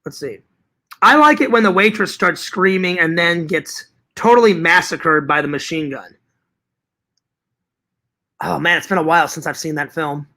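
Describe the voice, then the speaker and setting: High, bright-voiced man rambling on a stream. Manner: rambling, repeats words and phrases, swears freely. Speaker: livestream host reading chat. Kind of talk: casual chat.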